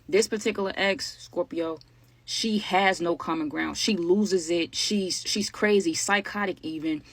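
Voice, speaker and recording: A woman's voice: fairly low pitch, unhurried, dry recording. Young woman w/ aave spilling tea on a storytime vlog, dry close sound, lotta energy. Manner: animated, slangy, addresses viewers as "y'all". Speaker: storytime creator.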